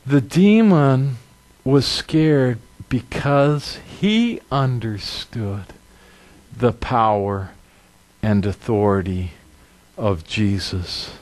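A male pastor preaching a sermon with emphatic, dramatic delivery. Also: drawn-out words. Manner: animated, emphatic, dramatic drops to a low voice.

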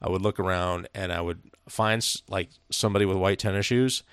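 A man's voice: deep voice, fairly even intonation, brisk, a bit bright, clean tone, dry recording, studio quality. A man from Seattle co-hosting a podcast, talking casually with an emphatic, profane, opinionated manner. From Seattle, USA. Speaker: podcast co-host. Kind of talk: casual chat.

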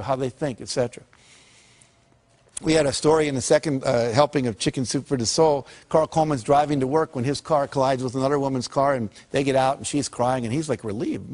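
A man's voice: on the high side, darkish tone. Emphatic male motivational speaker. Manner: storytelling, emphatic, asks the audience rhetorical questions. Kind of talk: seminar talk to a live audience.

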